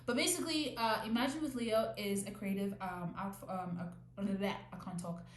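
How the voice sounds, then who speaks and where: A woman's voice: medium pitch, steady tone, normal speed. Young female podcast host, chatty and self-correcting, recorded in an echoey room with faint noise behind her. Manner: rambling, self-correcting, restarts often. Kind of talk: casual solo podcast talk. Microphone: new podcast mic.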